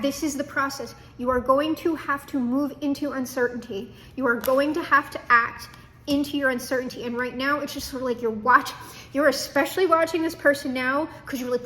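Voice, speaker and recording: Woman, young adult, high-pitched, chatty, profane, tarot reading. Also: a bit bright. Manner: chatty, swearing, laughing asides. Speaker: tarot reader. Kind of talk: casual tarot reading to camera.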